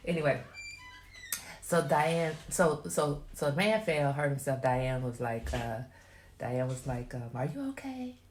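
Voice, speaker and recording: A woman's voice: a bass voice, fairly even intonation, unhurried, slight background noise. A woman hosting a casual livestream, chatty and emphatic, giving motherly advice to viewers. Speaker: host. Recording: roomy echo.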